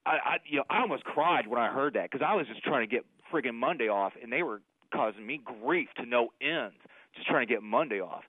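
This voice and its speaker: A man phones in to a radio program and rambles, circling back with restarts and plenty of "you know." His voice sits at an ordinary pitch for a man. The line is thin and phone-like, with no room sound around it. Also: lively intonation, fairly quick, no room sound. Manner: rambling, many fillers and restarts. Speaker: caller. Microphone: telephone. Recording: tinny phone line, dry.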